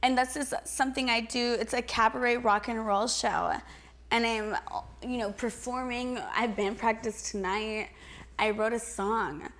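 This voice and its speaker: A woman's voice: fairly high pitch, steady tone, a little slow, fairly bright tone. A young adult woman answering interview questions in a chatty, giggly way, full of "like" and restarts. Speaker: interview guest.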